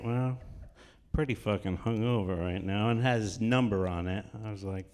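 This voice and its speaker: A man's voice: on the low side, normal speed, a little mellow. A man telling a rambling, profane comic story live on stage, laughing as he goes. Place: on stage at a cultural center.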